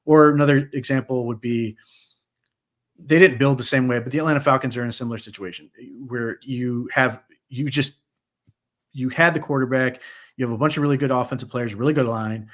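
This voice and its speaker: A man co-hosting a sports podcast, giving animated, conversational post-game analysis with frequent restarts. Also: medium pitch, brisk.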